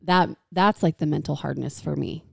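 A woman's voice: deep voice, moderate pace, gravelly, breathy edge, dry recording, studio quality. A young adult woman co-hosting a podcast, chatting casually and acting out the dialogue in her stories with animation. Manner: animated storyteller who acts out quoted dialogue. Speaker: podcast co-host. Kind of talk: casual chat.

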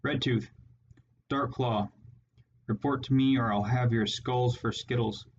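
A man's voice: medium pitch, fairly even intonation, unhurried, highs cut off, a little hiss or hum, natural voice. A man voicing a harsh, scarred male rat warlord who snarls his orders with contempt, in a storybook reading. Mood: snarling, commanding.

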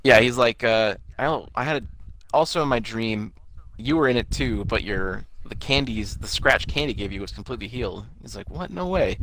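A man's voice: on the low side, a little fast, fairly bright tone, slight background noise. A young man casually recapping a TV episode, laughing often and acting out the characters' lines. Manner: laughs often, acts out quotes in bursts.

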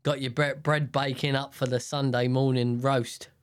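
A man's voice: mid-range voice, little pitch movement, normal speed, clear, resonant tone. A young man hosting a podcast in casual chat, rambling and joking with many fillers and restarts. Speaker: podcast host.

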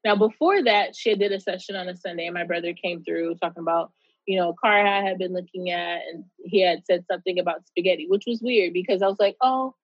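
A woman's voice: on the low side, steady tone, quick pace, dry recording, highs cut off. A woman guest telling a casual, candid story in an interview, swearing freely and retelling it with animation.

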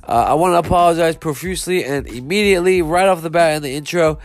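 A man's voice: a little high, fast, dry recording. Frustrated profane man with a stuffy nose. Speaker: sports betting podcast host. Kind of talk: live reaction and apology monologue.

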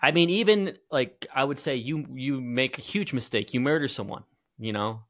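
A man's voice: medium pitch, moderate pace, a bit bright. A man co-hosting a podcast, working through his ideas hesitantly and restarting his sentences. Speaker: podcast co-host. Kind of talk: casual podcast talk.

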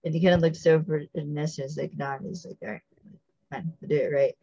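Gravelly-voiced podcast host recapping. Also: mid-range voice, steady tone, fast talker, dark tone, no echo, lo-fi sound. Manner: chatty, many "like" fillers, acts out quotes. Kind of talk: casual TV episode recap.

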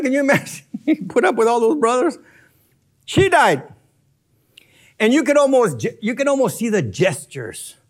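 A man teaching from scripture in an expository sermon, animated and chuckling as he explains grammar step by step. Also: very high voice. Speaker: Bible teacher.

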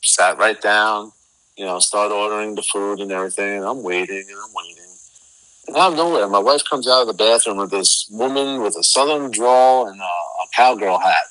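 A middle-aged man with a voice on the low side speaks at a moderate pace as an interview guest. He tells a rambling, animated story, filling it with filler words in a casual way. It's a rough recording.

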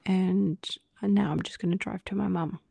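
Very gravelly, husky woman's voice. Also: lowish voice, steady tone, normal speed, warm tone, no echo. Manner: often drops into a breathy near-whisper; quotes others in dialogue with many fillers. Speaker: podcast co-host. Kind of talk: casual personal storytelling.

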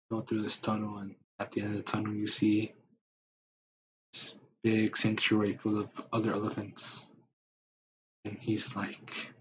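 A man with a lowish voice improvises a rambling second-person story packed with fillers. The recording is dull and lo-fi with a faint hiss.

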